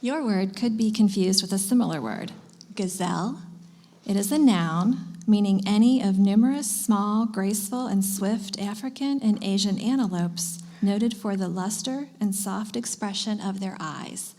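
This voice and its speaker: A woman acting as pronouncer at a spelling bee, reading words and their definitions in a clear, measured way. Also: mid-range voice, mellow.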